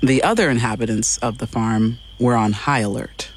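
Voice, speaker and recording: A man giving scripted documentary narration with measured, dramatic pacing. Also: medium pitch, a little hiss or hum.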